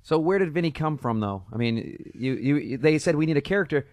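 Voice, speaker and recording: A man hosting a podcast, joking with his guest in quick banter. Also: on the high side, animated, a little mellow, dry recording. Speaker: podcast host. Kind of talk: casual podcast chat.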